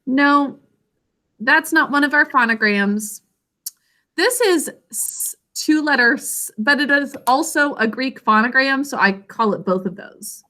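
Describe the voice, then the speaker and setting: A woman teaching spelling to children in a bright, clear, fairly high voice. She takes her time, stretching each word and sounding it out piece by piece, patient and deliberate. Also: animated. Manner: slow, clear, sounds words out syllable by syllable. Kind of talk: online spelling lesson for children.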